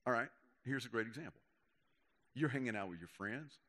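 A man's voice: medium pitch, animated, brisk, fairly bright tone. Folksy man preaching casually. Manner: folksy, conversational, acts out quotes. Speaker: youth pastor. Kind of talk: casual sermon to young people.

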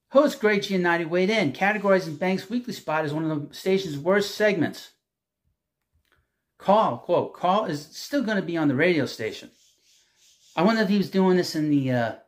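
A man hosting his own sports talk show, reading news items and ranting about them bluntly, with some profanity. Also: on the high side.

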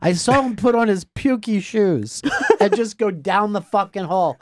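A man telling profane stories on a radio talk show, animated and laughing as he goes. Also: high-pitched, measured pace, no echo. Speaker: guest, radio host. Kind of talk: casual talk-show storytelling.

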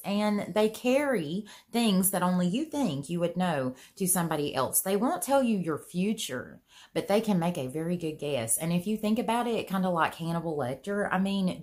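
A woman vlogger telling a personal story in a casual, earnest way, full of "you know" fillers, her voice jumping higher when she gets excited. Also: normal speed. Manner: chatty, earnest, pitch swings high when excited; many "you know" fillers, folksy grammar.

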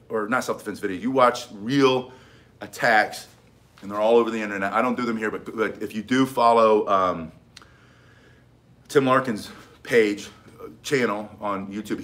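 A man's voice: lowish voice, steady tone, normal speed, a bit bright. A middle-aged man teaching self-defense in an emphatic, casual way, hammering home key points and often restarting his sentences. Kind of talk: casual instructional talk.

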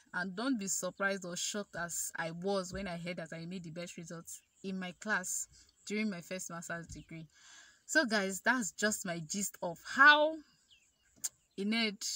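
A woman's voice: medium pitch, dry recording. A young Nigerian woman with a Nigerian accent, vlogging a personal story in a chatty way with many fillers. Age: young adult. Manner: chatty, animated quoted dialogue, many fillers. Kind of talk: casual storytelling to camera.

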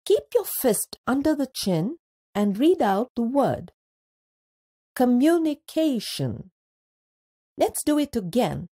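Woman reading a kids lesson super slow, lively up and down pitch, kinda breathy. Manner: slow and deliberate, drawing out each word. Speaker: teacher. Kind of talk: scripted educational narration.

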